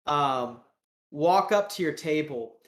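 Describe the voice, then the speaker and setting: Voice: mid-range voice, lively intonation, slow. Laid-back game master in an echoey room. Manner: loose, filler-heavy, laid-back narration. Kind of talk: narrating a tabletop game.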